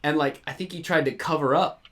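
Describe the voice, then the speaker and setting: Bright-voiced man, animated podcast chatter. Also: a little high, brisk. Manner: animated, acts out scene quotes in put-on accents. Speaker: podcast host. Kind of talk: casual podcast chat.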